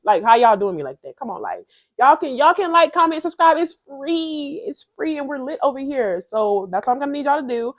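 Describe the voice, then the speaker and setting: A woman's voice: fairly high pitch, moderate pace. Blunt, profane young woman vlogging. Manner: blunt, profane, slangy and animated. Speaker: reality TV reviewer. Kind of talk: casual reaction vlog.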